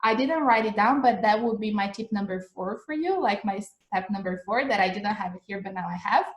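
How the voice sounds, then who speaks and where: A woman's voice: mid-range voice, lively intonation, brisk. Chatty woman teaching in an echoey room. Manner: chatty, repeats phrases, frequent "like" and "right?". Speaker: English teacher. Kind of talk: casual live-streamed lesson. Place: home in Australia.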